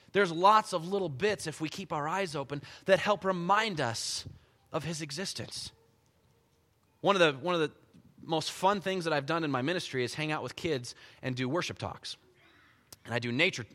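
A man preaching a sermon as pastor, telling the story with animated energy and dropping to soft, quiet stretches. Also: fairly high pitch. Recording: long hall reverb.

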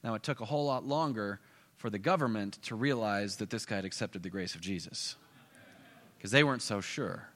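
A male preacher telling a story with animated swings between loud bursts and hushed asides. His voice is bright and forceful at a middle pitch. It carries with a long reverb through a church hall. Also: fairly quick. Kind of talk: storytelling sermon. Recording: echoey hall.

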